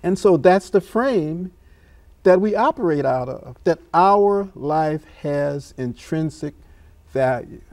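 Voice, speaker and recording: Slow gravelly man, measured speech. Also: on the high side, expressive, a little mellow, no echo. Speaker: scholar guest. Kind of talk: reflective talk show discussion.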